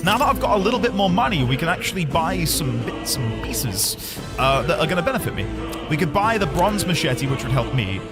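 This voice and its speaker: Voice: medium pitch, sing-song, a little fast. A streamer playing a story game live, chatting to viewers and bursting into laughter and wails. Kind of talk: casual live-stream commentary. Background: game music.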